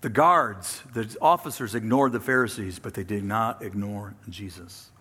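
A man preaching a sermon, acting out the people he quotes with sudden drops to a hush and rises to a loud, higher pitch. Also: normal speed, husky. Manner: acts out quoted speakers with dramatic pitch and volume swings. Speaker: pastor.

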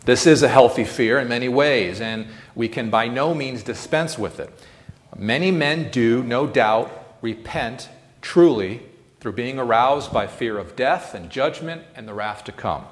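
A man's voice: medium pitch, unhurried, long reverb tail. A man delivering a sermon in an earnest, solemn way, rising to emphatic swells. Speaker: preacher. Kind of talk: sermon reading.

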